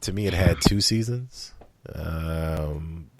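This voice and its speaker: A man's voice: rumbling low, slow, slight background noise. Laid-back, teasing man co-host. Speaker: podcast co-host. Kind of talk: casual chat. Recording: dry.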